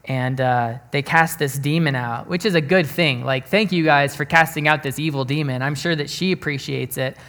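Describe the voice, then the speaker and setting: A man preaching through a scripture passage in easygoing everyday speech. He is plainspoken and often repeats or restarts his words. He turns to his listeners with quick direct questions. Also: fairly high pitch, a bit bright. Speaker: pastor. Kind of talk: conversational Bible teaching.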